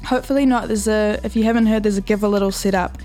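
An upbeat woman with a New Zealand accent co-hosts a breakfast radio show in easy, casual chat. She slips te reo Māori greetings into her English, and her voice sits at an ordinary middle pitch. Faint music plays beneath her. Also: fairly even intonation, fast, warm tone.

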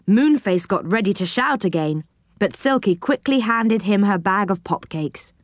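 Woman storyteller, slow children's book reading, lively pitch, dry close sound. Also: dry recording.

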